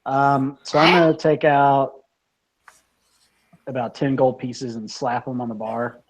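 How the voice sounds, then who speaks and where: A man plays a tabletop game at home, speaking in first person for his character. He has an ordinary mid pitch and talks casually, with some swearing. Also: flat delivery, measured pace, dull audio. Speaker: player.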